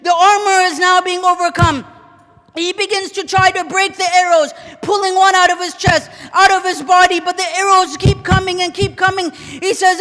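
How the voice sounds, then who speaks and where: A man's very high, bright, forceful voice rises into shouts and chanted Arabic lines as he preaches a mourning sermon. He is recorded in a large hall, and a long reverb trails after each phrase. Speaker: sheikh. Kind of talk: Ashura majlis sermon.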